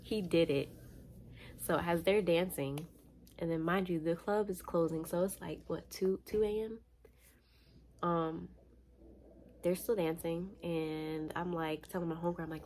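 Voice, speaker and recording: A young woman from Florida with a fairly low voice tells a personal story in casual storytime style. She talks animated and slangy, a little tired. Her delivery is chatty and conversational. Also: measured pace, pauses often, a little hiss or hum. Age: young adult. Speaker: vlogger.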